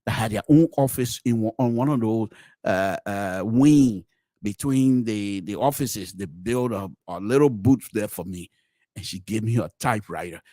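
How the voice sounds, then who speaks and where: A middle-aged man, hosting a podcast and telling a personal story with many restarts, swinging between loud exclamations and low murmurs. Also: normal speed, no echo, clean studio sound. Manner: frequent restarts and repeated words. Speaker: podcast host. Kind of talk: storytelling commentary.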